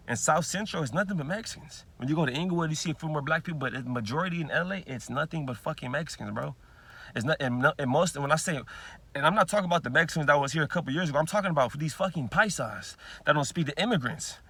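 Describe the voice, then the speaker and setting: A man's voice: on the high side, pushed and bright, breathy edge. A man, ranting heatedly in a vlog, repeating himself and swearing constantly. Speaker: vlogger. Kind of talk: profane ranting monologue.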